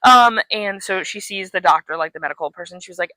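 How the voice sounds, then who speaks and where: Woman co-host, casual storyteller, crisp bright voice, dry close recording. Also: fairly low pitch, fast talker, hardly any pauses, no echo. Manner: breathless retelling full of "like", swears freely. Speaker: podcast co-host. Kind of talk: casual chat.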